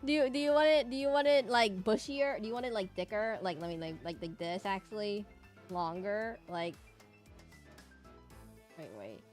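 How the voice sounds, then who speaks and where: Woman streamer, chatty and giggly, rambles while drawing, mid pitch, soft music in back. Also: moderate pace, pauses often. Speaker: livestreamer. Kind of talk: casual livestream chat while drawing.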